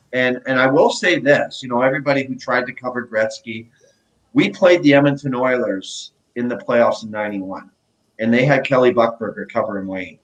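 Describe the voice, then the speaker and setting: Middle-aged former athlete guest, casual storyteller, acts out quotes. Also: male voice, mid-range voice, low-quality recording. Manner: animated anecdotes, acts out quotes. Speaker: guest, former pro hockey player.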